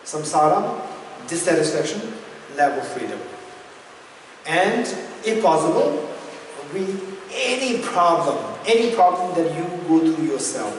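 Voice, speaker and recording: A man's voice: a little high, big pitch swings, measured pace, far from the mic, slight background noise. A male Buddhist teacher giving an interactive dharma lesson, questioning his audience and repeating key points for emphasis. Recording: echoey hall recorded from afar.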